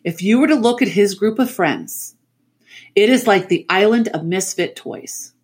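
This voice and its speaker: A middle-aged woman, a podcast guest, telling family stories in casual chat over a remote call, animated and laughing often. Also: mid-range voice, unhurried, slightly rough. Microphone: remote call mic.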